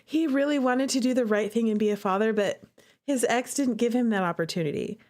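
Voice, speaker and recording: High-voiced woman streamer reading aloud. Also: brisk, darkish tone. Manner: emotional, chatty, indignant on the character's behalf. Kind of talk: reading a visual novel aloud and reacting. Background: faint guitar music.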